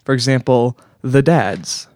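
A man hosting a comedy podcast, delivering a deadpan mock talk-show monologue and breaking into laughs. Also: mid-range voice, takes it slowly.

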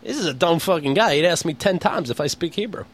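A man's voice: a little high, lively intonation, quick pace, a little hiss or hum. A man from Pennsylvania co-hosting a podcast, telling an exasperated, profane story in casual comedic chat. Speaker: podcast co-host.

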